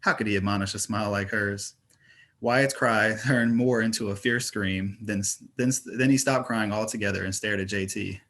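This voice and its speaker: A man narrating a fantasy novel in an audiobook reading, with steady, even storytelling. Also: on the low side, moderate pace.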